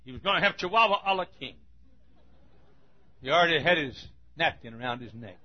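A man preaching a sermon, telling a folksy story and building to emphatic, forceful points. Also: fairly high pitch, expressive, brisk, muffled recording.

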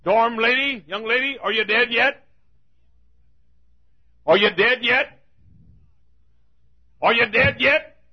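A man preaching a fiery sermon in a church, repeating his lines and rising to shouts. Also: very high-pitched, slow, pauses often, slightly rough, highs cut off.

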